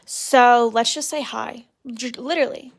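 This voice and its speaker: A young woman hosting a podcast launches into a casual solo rant, her speech heavy with "like" and "literally" and punctuated by exasperated, mocking mimicry of others. Her voice is a little high and creaky, with a steady tone and an unhurried pace.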